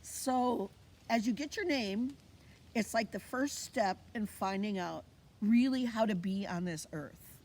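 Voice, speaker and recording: A woman's voice: medium pitch, unhurried, a little mellow. A woman giving an informal teaching talk, storytelling with animation and acting out the voices she quotes. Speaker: Indigenous cultural teacher. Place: outdoors on a fall plant walk.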